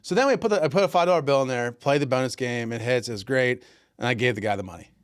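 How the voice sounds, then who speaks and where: A man's voice: mid-range voice, fast talker, smooth. A man co-hosting a podcast, telling a casual story and acting out the voices of the people in it. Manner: animated, acts out voices in his stories. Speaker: podcast co-host. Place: Pennsylvania.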